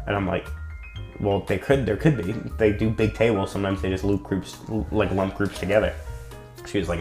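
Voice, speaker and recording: A young man with a lowish voice tells a story in loose, casual chat. He rambles, leans on fillers and slips into quick impressions of the people he met. Faint music plays underneath. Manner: rambling, filler-heavy storytelling with acted-out quotes. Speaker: storyteller guest.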